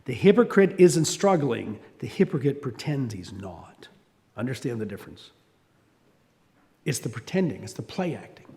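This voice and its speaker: A man's voice: mid-range voice, big pitch swings, normal speed, warm tone. A man giving a sermon as pastor, talking conversationally with restarts and asides. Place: church hall. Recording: reverberant hall.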